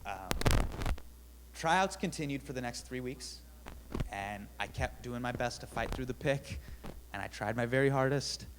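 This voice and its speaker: A young man telling a self-deprecating personal story on a theater stage, animated and with sudden loud bursts. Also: mid-range voice, measured pace, background noise.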